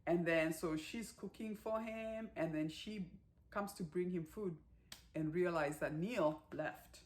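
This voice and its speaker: A woman giving a casual movie recap, chatty and animated, with lots of fillers and acted-out quotes. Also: lowish voice, slow pace. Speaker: movie reviewer.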